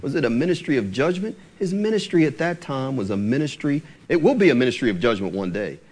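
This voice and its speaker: A man preaching a sermon, asking the congregation rhetorical questions and slowing down to read scripture aloud. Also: mid-range voice. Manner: animated, asks rhetorical questions, slows for scripture.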